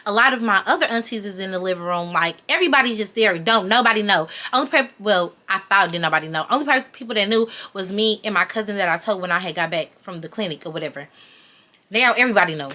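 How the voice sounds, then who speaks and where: Young woman vlogger, chatty storyteller, bright and sharp voice. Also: mid-range voice, lively intonation, fast talker. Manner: chatty, talks straight to viewers as "y'all". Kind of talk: casual storytime.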